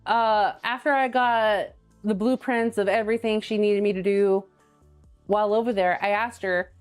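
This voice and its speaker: A woman's voice: medium pitch, fairly even intonation, normal speed, smooth, soft background music. A woman hosting a live cooking stream, chatting casually and telling stories while she cooks and reads viewer comments aloud.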